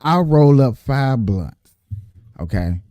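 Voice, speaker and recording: A man with a dark, mellow voice tells a rambling, animated story straight to his viewers. He repeats phrases for emphasis and keeps calling out to his audience. The sound is dry and close, with no room around it. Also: mid-range voice, slow pace, dry recording. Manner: animated, repeats himself, addresses viewers as y'all. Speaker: vlogger telling a work story. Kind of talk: casual storytelling.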